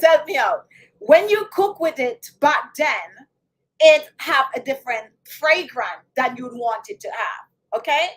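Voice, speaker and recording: A woman with a Jamaican accent talking casually to her viewers, chatty and animated, often speaking to them directly. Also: high-pitched, poor audio. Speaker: beauty channel host. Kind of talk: casual talk to camera.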